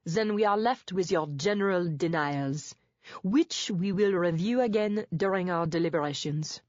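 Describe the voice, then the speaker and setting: A woman's voice: lowish voice, normal speed, darkish tone, no room sound, lightly acted. A woman voicing a stern male presiding judge who talks in a clipped, formal, impatient way, recorded dull and dry.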